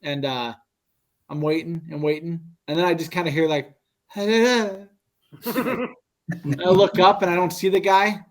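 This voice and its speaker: A man's voice: a little high, unhurried, long pauses. A young man casually telling a story among friends on a podcast, acting out the quotes in a raised voice. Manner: animated, acts out quotes in a raised voice. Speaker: podcast co-host.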